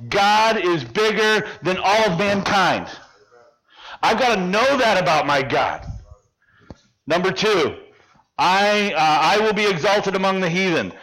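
High-voiced man preaching a story. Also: a little slow, rough recording. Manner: animated storyteller, acting out dialogue, drops to hushed tones. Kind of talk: sermon with personal story.

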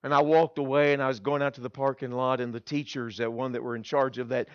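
A man preaching a sermon, telling his own story in an animated way with quick restarts and repeated words. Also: mid-range voice, dry recording. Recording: dull, dry sound.

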